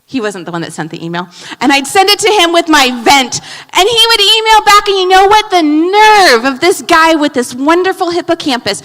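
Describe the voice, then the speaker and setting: A woman pastor preaches with a high, bright voice. She swings from loud, punchy emphasis to hushed asides. The sound carries a long reverb from a church sanctuary. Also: lively intonation, normal speed, hardly any pauses. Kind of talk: sermon.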